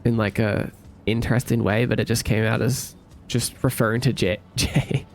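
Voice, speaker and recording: Male streamer, fry in the voice, drowsy and rambling as he codes and chats with viewers. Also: mid-range voice, moderate pace, faint music behind. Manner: relaxed, rambling, thinks aloud, hums to himself. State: sleepy. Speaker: streamer coding a game. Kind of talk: casual live-stream chat while coding.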